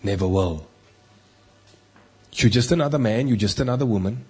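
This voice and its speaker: Preacher, male, husky tone, emphatic delivery with big swings in loudness. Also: on the low side, moderate pace. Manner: emphatic, rising and dropping loudness for stress. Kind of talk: sermon.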